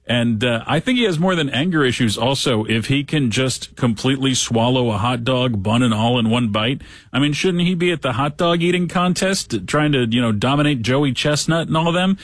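A male talk show host who reads through odd news stories and keeps breaking in with sarcastic jokes. His voice sits in a middle pitch. The recording is dry, with no room echo. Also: moderate pace. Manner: sarcastic, wisecracking asides. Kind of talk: comedic news commentary.

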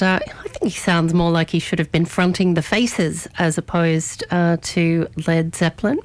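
A woman hosting morning radio, delivering an opinionated editorial in a measured, argumentative way and stressing key words. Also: fairly low pitch, no echo. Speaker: radio host.

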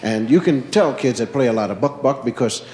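Animated male stand-up storyteller. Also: mid-range voice, a little fast, echoey room. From Philadelphia, USA. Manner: animated storyteller, acts out characters. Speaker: stand-up comedian.

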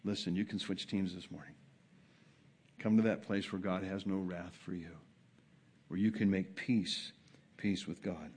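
A man preaching a sermon at a church service. He drops to a quiet, low murmur, then rises high and loud, and repeats words to drive each point home. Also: steady tone, a little slow, long pauses, husky. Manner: impassioned preaching, swings from soft to loud, repeats phrases for emphasis. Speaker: pastor.

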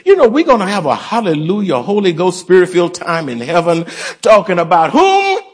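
A man's voice: high voice, huge pitch swings, fairly quick, husky. A man preaching a sermon to his congregation in church, calling out for responses and urging them to join in. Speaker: pastor. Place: church sanctuary.

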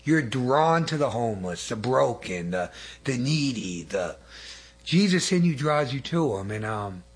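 Husky-voiced male lay preacher, earnest and rambling, telling testimonies. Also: medium pitch, big pitch swings, unhurried. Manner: earnest, rambling with restarts and asides. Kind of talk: testimony sermon.

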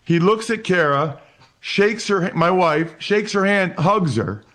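Guy in his 40s from pennsylvania telling stories on a show, kinda high voice, stumbles and restarts a lot, animated. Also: takes it slowly. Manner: animated, repeats words when starting sentences. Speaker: interview guest. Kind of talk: casual storytelling.

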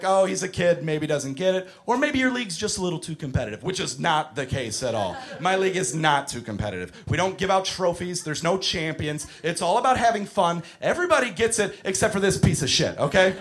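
A high-voiced man performing stand-up comedy. He tells a long story in a lively way and raises his voice to a shout at the punchlines. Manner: animated, builds to shouting punchlines.

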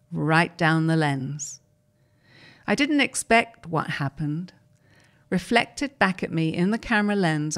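Steady woman reading articles aloud, lowish voice. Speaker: reader of articles.

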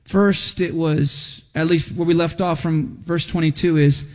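A man with a high voice preaching a sermon in a church sanctuary, with a long reverb trailing his words. He talks conversationally and keeps checking in with the congregation. His voice lifts with animation when he reads quoted lines aloud. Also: steady tone, measured pace, darkish tone. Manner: conversational, often asking the crowd "right?". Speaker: pastor. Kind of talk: expository sermon. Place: church sanctuary during a service.

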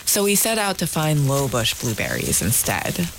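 A woman narrates a radio feature story with a lively, storytelling delivery. Her pitch rises and falls a great deal. A faint noise sits under the voice. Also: normal speed. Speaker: radio reporter.

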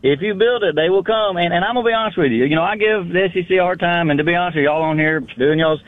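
A man calling in to a radio show, talking in a lively, folksy way and repeating phrases for emphasis. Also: high-pitched, very fast. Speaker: caller. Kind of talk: casual phone-in chat. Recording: dry tinny phone line.

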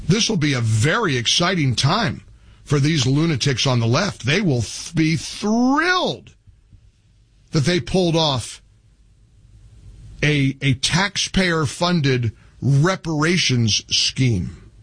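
A man's voice: on the high side, animated, slow, fairly bright tone, husky, dry recording. A man hosting a talk radio show, giving emphatic opinionated commentary and taking calls. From Irish family heritage. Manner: emphatic, opinionated, laughs at callers. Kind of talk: talk radio commentary and host-read ads.

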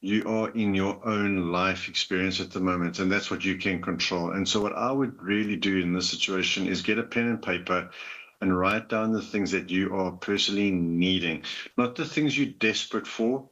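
A man hosting a call-in advice show, talking in a gentle, earnest coaching manner. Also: low voice, moderate pace, lo-fi sound. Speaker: relationship advice host.

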